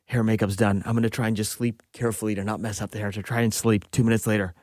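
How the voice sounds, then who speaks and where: A man in his forties, co-hosting a podcast and telling a long anecdote in a relaxed, chatty way, acting out the dialogue as he goes. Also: fairly low pitch, very fast, no echo, studio quality. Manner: lively storyteller acting out quoted dialogue. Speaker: podcast co-host. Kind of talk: casual anecdotal storytelling.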